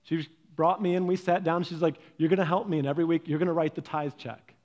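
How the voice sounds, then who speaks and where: A man in his thirties tells family stories in a relaxed talk. He brings his parents to life, voicing their lines with lively ups and downs. His voice sits a little on the higher side. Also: fast talker, lo-fi sound. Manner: animated storytelling, acting out his parents' lines, often lively and raised. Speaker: speaker giving a faith and parenting talk. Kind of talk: storytelling talk.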